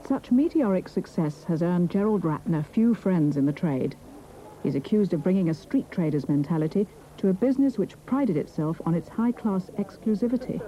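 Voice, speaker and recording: A woman reading a documentary narration in a measured, even way. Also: on the low side, highs cut off, slight background noise. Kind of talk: scripted narration.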